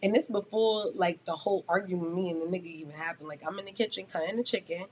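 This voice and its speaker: A woman's voice: lowish voice, fast, a little mellow, slight background noise. A woman guest on a podcast, telling a story in a casual, blunt and profane way that often turns heated.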